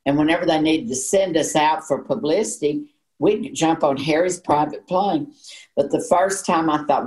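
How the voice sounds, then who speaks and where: A woman's voice: low voice, moderate pace, darkish tone, rough recording. A woman in her sixties with a Southern American accent, a guest telling folksy stories in casual chat. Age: 60s. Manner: folksy storyteller, says honey. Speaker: guest, actress and singer.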